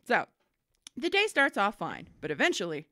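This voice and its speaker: A woman co-hosting a podcast, reading listener emails aloud and telling stories in a lively, swearing, laughing way. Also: medium pitch, normal speed, dry recording. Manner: animated storyteller, swears freely, laughs often. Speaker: podcast co-host.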